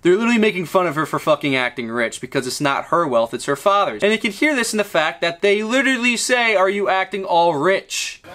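A man's voice: high-pitched, lively intonation, brisk, hardly any pauses, pushed and bright. A man hosting a commentary video, mocking and profane, sounding exasperated. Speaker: commentary host. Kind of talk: sarcastic commentary.

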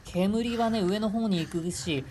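A woman game streamer giving live gameplay commentary with excitable reactions, switching between Japanese and English. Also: medium pitch, moderate pace, a crowd in the background.

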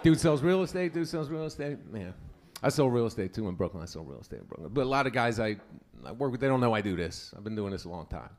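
A man's voice: on the low side, lively intonation, fast. A man performing a stand-up set at a comedy club, telling a story with stuttering impressions. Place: comedy club with live audience.

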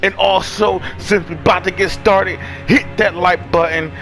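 A young man casually commenting on his gameplay, loud and excitable, cursing and trash-talking the enemies. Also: high voice, moderate pace, faint music behind. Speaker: gaming channel host.

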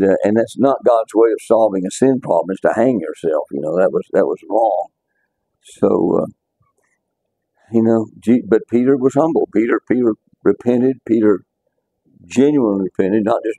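Man, Bible class teacher, low voice, mellow tone, dry close sound, chatty with restarts. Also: moderate pace, no echo. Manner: conversational, repeats words as he restarts. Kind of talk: casual Bible study teaching.

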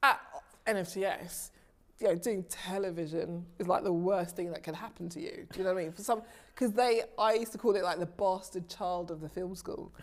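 A woman, a TV director, telling animated stories about her career as an interview guest, often restarting her sentences and laughing easily. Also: on the low side, fairly quick. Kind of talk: casual interview storytelling.

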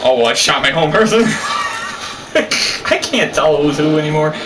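A man's voice: fairly high pitch, animated, unhurried, far from the mic. A man gaming with his sister, teasing her and trash-talking while he plays. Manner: teasing trash talk, laughing. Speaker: gamer playing with his sister. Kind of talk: casual gaming chat. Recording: echoey room, voice off-mic, noisy.

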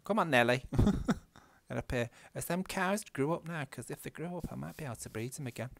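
A man's voice: on the high side, expressive, a little fast, creaky, no room sound. A man with a Northern English accent, chatting casually and swearing freely as he tells a story while playing a game. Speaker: gaming vlogger.

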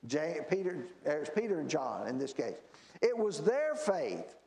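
A man's voice: fairly high pitch, big pitch swings, unhurried, darkish tone. A man teaching a Bible class in a church, explaining verses and asking the class rhetorical questions. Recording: echoey church room.

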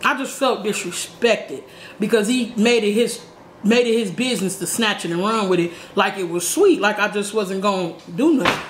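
A woman vlogger telling a slangy, animated story while eating, with shouted sound effects. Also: medium pitch, normal speed. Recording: echoey room with faint background noise.

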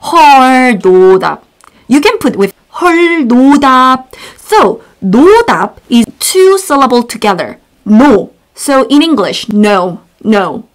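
A woman with a Korean accent teaching expressions in a casual online lesson, repeating each phrase and acting out little scenes. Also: a little high.

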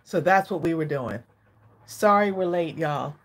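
A woman's voice: low-pitched, measured pace. A woman, chatting casually to viewers as a craft channel host from her home craft room, a little out of breath. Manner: chatty, addresses viewers as y'all. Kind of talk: casual live-stream chat.

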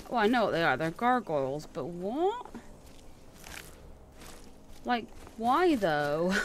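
A woman doing casual let's play commentary on a game, excitable and thinking aloud with frequent exclamations. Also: medium pitch, slow pace, long pauses, music in the background.

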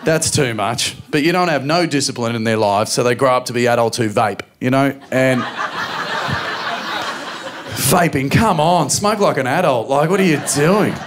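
An Australian man in his forties telling stand-up stories into a stage mic, his voice sitting at an ordinary middle pitch. He moves from calm narration to bursts of acted-out yelling and quoted characters, building each story toward the punchline. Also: moderate pace, a little hiss or hum. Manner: animated storytelling, acting out voices and shouts. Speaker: stand-up comedian. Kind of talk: stand-up comedy routine. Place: comedy venue stage with a live audience.

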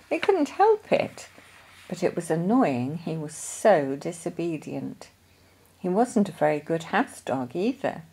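Slow, expressive woman reading a storybook. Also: low-pitched, husky. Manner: gentle, deliberate storytelling. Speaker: storybook reader. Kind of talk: reading a children's story aloud.

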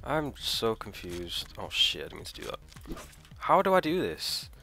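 A man's voice: on the low side, huge pitch swings, moderate pace, creaky, faint music behind. Frustrated man swearing through gameplay. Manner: swears often and shouts in frustration; thinks aloud, trailing off and restarting. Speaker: let's play host. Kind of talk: live gameplay commentary.

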